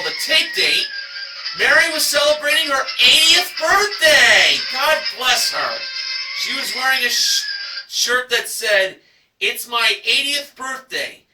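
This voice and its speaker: A man's voice: very high voice, reverberant, far from the mic, poor audio. A man recapping a game show episode in enthusiastic narration, stretching out dramatic price reveals.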